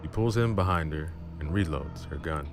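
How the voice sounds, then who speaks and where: A male storyteller with an extremely low, booming voice reads a story in the first person, dramatic and measured. Music runs behind him throughout. He closes as the channel's host. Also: expressive.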